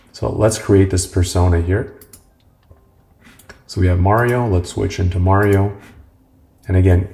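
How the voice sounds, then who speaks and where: A man with a very low, gravelly voice walks through a tech tutorial in a relaxed, rambling way. His delivery is flat and his tone mellow. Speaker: host.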